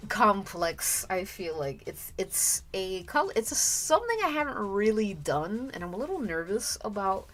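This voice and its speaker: A woman chatting through a live drawing stream at a slow, easy pace, with pitch that swings up and down. She giggles often and trails off, restarting her thoughts. Soft music plays faintly behind her. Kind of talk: casual livestream chat while drawing. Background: faint background music.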